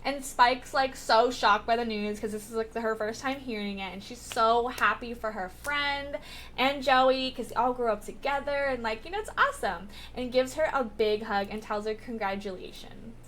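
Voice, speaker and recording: A woman's voice: fairly high pitch, normal speed, fairly bright tone, slight background noise. A woman vlogger recapping a TV episode in a casual, rambling way, with lots of filler words and swearing.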